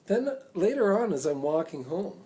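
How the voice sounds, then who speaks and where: A man, telling a rambling story to a phone camera in a casual, drawn-out way. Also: high-pitched. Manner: rambling, slow, drawn-out delivery; loud and excited when reenacting chants. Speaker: vlogger.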